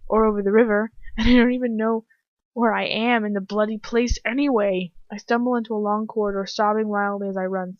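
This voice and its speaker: Reading first-person fanfic out loud at home, a young woman breaks off occasionally to react to what she's reading. Her voice is mid-range, and the home recording is dry and dull.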